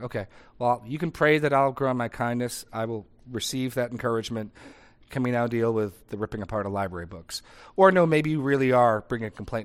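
A man preaching in a conversational, animated way, acting out short dialogues as examples. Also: mid-range voice, fast. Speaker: pastor. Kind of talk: conversational sermon.

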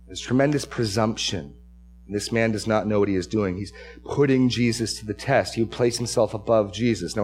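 A man's voice: fairly low pitch, a little mellow, slight background noise. A man preaching an expository sermon as pastor. He stresses key phrases, repeats words and restarts his sentences.

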